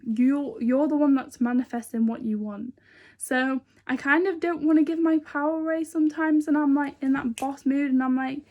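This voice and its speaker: Woman vlogger, high voice, rambling and earnest, casual to-camera chat. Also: darkish tone. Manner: chatty and rambling, many fillers.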